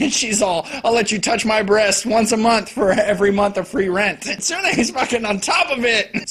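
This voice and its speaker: Husky-voiced man ranting sarcastically. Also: sits high. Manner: profane, sarcastic, blunt; acts out characters in loud bursts. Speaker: anime reviewer. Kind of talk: casual review rant.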